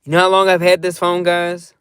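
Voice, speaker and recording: A man's voice: high voice, completely flat delivery, brisk, fairly bright tone, clean tone, no room sound, clean studio sound. A young man chatting casually in a loose, rambling vlog from inside his car, laughing often. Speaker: vlogger.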